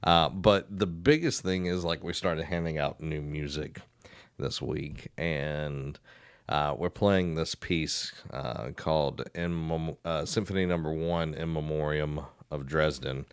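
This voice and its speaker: A young man from the Southern United States, a podcast co-host and school band director, chats casually and tells rambling stories full of fillers, laughing easily. His voice is extremely low with fairly even intonation and an unhurried pace, recorded cleanly without echo.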